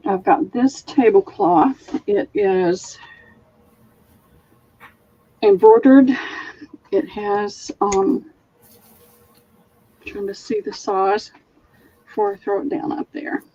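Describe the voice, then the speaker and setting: A woman with a Southern American accent hosts a live sale, chatting easily as she describes each linen piece. Her voice sits in a middle pitch, dry and close, with slightly dull, muffled audio. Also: slow, pauses often, mellow, husky, no room sound. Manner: chatty, describes items in detail. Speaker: online sale host. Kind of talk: live-stream selling chat.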